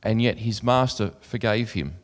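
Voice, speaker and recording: A man's voice: lowish voice, normal speed. A man giving a sermon, earnest as he reads scripture aloud and chatty in his asides. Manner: conversational asides with fillers. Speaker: preacher. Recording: long hall reverb.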